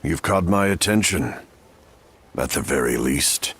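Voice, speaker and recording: A deep, husky warlord. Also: male voice, animated, fairly bright tone, heavily acted. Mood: intrigued. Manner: slow, menacing, appraising. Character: fearsome, proud male warlord, grown man. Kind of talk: game voice acting.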